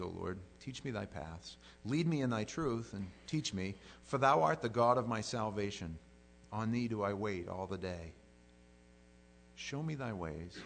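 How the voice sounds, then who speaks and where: Low gravelly man preaching a sermon. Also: slight background noise, low-quality recording. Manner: conversational preaching with repeated words and rising emphasis. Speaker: pastor.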